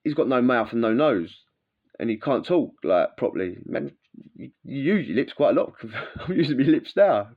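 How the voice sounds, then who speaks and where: A man spins casual stories, rambling and slangy with plenty of fillers. His voice sits at a middling pitch for a man, and the recording sounds dull and lo-fi. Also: very animated, normal speed, darkish tone. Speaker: vlogger recounting prison life. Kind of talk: casual storytelling.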